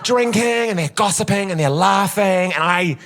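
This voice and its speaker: A man performing stand-up comedy on a theatre stage, telling self-mocking stories in a camp, animated way. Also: high-pitched, normal speed. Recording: loud audience laughter in a theatre.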